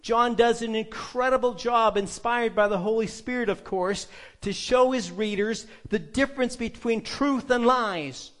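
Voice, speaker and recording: Very high-voiced emphatic male preacher. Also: a little slow, fairly bright tone. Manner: emphatic, rhetorical questions to the congregation. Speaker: pastor. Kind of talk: sermon.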